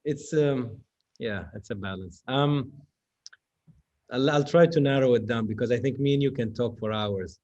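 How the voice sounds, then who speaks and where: A man's voice: medium pitch, moderate pace, darkish tone. Man hosting an interview, dull sound. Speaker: interview host. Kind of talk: casual interview chat.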